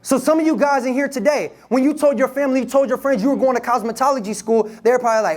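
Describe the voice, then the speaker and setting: A young man in his twenties from Detroit giving a live motivational talk, energetic and playful, leading the audience in call-and-response. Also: very high-pitched, fast, hardly any pauses. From Detroit, USA. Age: 20s. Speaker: motivational speaker. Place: event room with a live audience. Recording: live room recording with crowd and noise.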